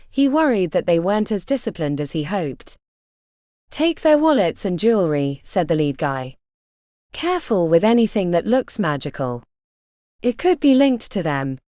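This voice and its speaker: A woman narrating a fantasy audiobook in a steady, expressive reading. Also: medium pitch, no echo, clean studio sound.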